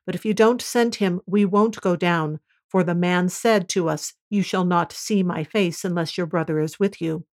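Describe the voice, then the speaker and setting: A woman reading the lines of an earnest grown son pleading with his father in a scripture reading, in a solemn, measured way. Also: fairly low pitch, fairly even intonation, lightly acted.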